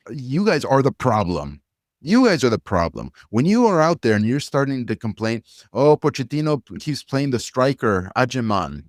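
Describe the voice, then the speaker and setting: A man's voice: on the low side, dry recording, studio quality. A male podcast co-host ranting with blunt, profane fervor. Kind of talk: heated opinion rant.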